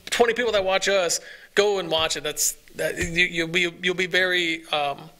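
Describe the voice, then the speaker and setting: A man's voice: high-pitched, fairly even intonation, normal speed, pushed and bright. A man co-hosting a casual podcast chat, rambling eagerly with many restarts. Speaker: podcast co-host.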